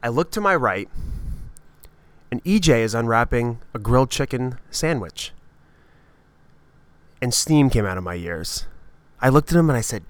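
A man hosting a podcast and telling a comedic story in an animated, profane, self-mocking way. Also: mid-range voice, normal speed, long pauses, no room sound. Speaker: podcast host.

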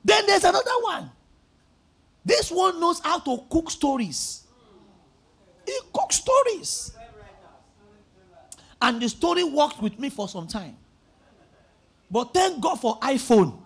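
A male pastor preaching a sermon, telling stories animatedly and rising to emphatic shouts. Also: very high voice, slow pace, long pauses. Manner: animated storytelling, acting out phone conversations.

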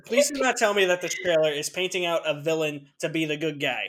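A man's voice: a little high, lively intonation, a little fast. Exasperated man in group chatter. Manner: exasperated, pleading. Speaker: podcast co-host. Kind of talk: casual movie chat.

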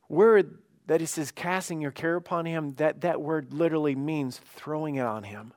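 Male pastor, sermon, conversational, acts out prayers, slightly high pitch, dry close sound. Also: moderate pace, few pauses, a little mellow, no room sound. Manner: conversational preaching, acts out prayers and dialogue, rising to emphatic pleas. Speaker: lead pastor.

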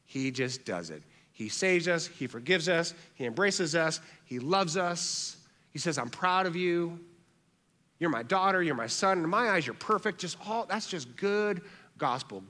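A man preaching a sermon with a bright, ringing tone that sits a little high for a man. He is earnest and repeats phrases for emphasis, often dropping soft on key words. His voice carries the long reverb of a large hall. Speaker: pastor.

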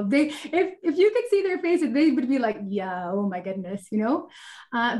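A woman with a fairly high voice tells her personal faith story on a webinar. She speaks earnestly and candidly, with many fillers, over a video call. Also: a little mellow. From Italian heritage. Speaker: guest sharing her testimony.

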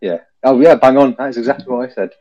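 Male podcast host, mid-pitched, chatty and easygoing, phone mic. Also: fast, warm tone, muffled recording. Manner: chatty, laughs easily, calls people mate. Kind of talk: casual chat on a phone-in.

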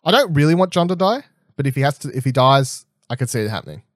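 A young man chatting casually as a podcast co-host, rambling and animated, swearing freely and restarting often. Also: mid-range voice, quick pace, dry recording, studio quality. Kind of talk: casual chat, TV episode predictions.

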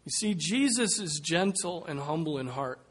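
A man's voice: on the high side, expressive, moderate pace, breathy edge. A man preaching a sermon, making earnest, pleading appeals that suddenly swell in volume.

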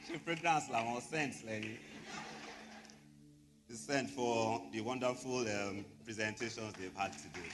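A man's voice: mid-range voice, takes it slowly, long pauses, background noise. A man with a Nigerian accent, a pastor addressing his church in a chatty, joking way. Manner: chatty, joking, mixes in Yoruba phrases. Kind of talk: sermon. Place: church hall.

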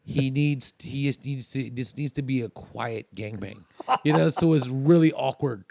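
Rambling man with a gravelly voice. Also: medium pitch, a little slow, darkish tone, a little hiss or hum. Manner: rambling, many fillers and restarts. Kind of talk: casual storytelling chat.

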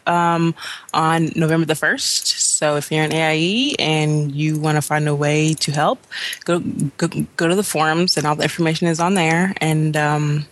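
A woman's voice: deep voice, slight background noise. Chatty laughing woman guest. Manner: chatty, laughs often, quick asides. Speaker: podcast guest. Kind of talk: casual chat.

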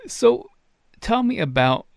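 A man's voice: high voice, very animated, creaky, dry recording. Eager male interviewer, dry close sound. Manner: eager and admiring, quick to react. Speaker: interviewer, host.

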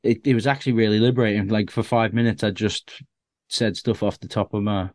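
Low-voiced man telling comedy-club stories. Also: fairly even intonation, a little fast, darkish tone, no room sound. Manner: chatty, self-deprecating, with restarts and acted-out quotes. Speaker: stand-up comedian guest. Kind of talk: casual conversational anecdotes.

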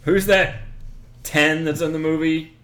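A man's voice: a little high, steady tone, a little slow, crowd noise. A man co-hosting a casual chat with dry, wry humor. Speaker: podcast co-host.

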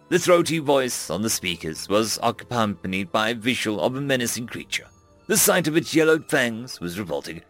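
A man reading a first-person science-fiction audiobook with dramatic flair. His pitch rises and falls in lively, animated swings, and his voice sits at a middle pitch over faint background music. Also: normal speed. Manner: dramatic, expressive storytelling.

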